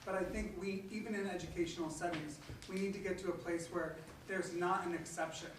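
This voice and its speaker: A man's voice: high voice, fairly even intonation, a little fast. A man who teaches theater, talking casually and rambling, often repeating himself. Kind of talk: casual chat. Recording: echoey distant noisy room mic.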